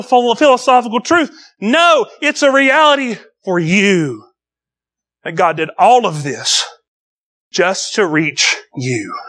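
A middle-aged pastor preaches a sermon, swinging between loud, emphatic lines and quiet, low ones.

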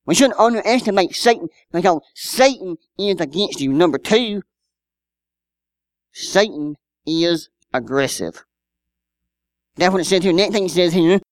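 A man's voice: high voice, dry recording, studio quality. A man, preaching a sermon in a conversational style with rhetorical questions and personal stories. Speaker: pastor.

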